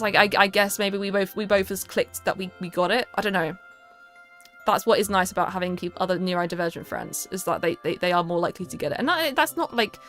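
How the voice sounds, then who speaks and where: A woman's voice: medium pitch, a bit bright. A young woman streaming a casual chat, rambling and stammering with lots of restarts.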